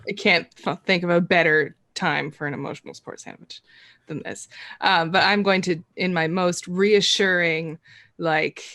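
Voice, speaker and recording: A woman's voice: fairly low pitch, fairly even intonation, normal speed, a bit bright, no echo. A woman chatting hesitantly while playing a tabletop game. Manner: hesitant, chatty, full of fillers. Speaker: player.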